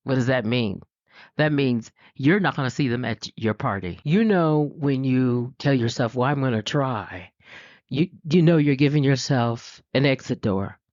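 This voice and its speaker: Middle-aged woman preacher, chatty and animated, mid pitch, dry dull lo-fi sound. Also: normal speed, no echo. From US West Coast. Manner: animated, puts on high voices for quotes, laughs often. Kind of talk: conversational sermon.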